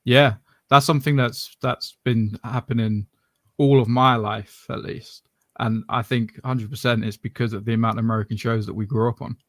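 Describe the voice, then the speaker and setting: A man's voice: mid-range voice, steady tone, moderate pace, fairly bright tone, dry recording, clean studio sound. A man from southern England with a mixed English regional accent, talking in a rambling, self-correcting way as a podcast co-host. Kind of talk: casual chat.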